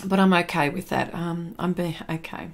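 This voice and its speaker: A woman's voice: lowish voice, fairly even intonation, normal speed, creaky. An Australian woman live streaming her drawing, chatting casually, reading viewer comments aloud and laughing often. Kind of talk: casual chat while drawing.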